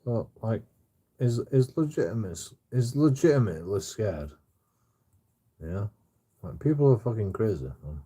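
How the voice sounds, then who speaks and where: A man's voice: lowish voice, sing-song, unhurried, long pauses, warm tone, breathy edge. A man, a streamer, rants casually in a rambling, repetitive way and swears constantly. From England.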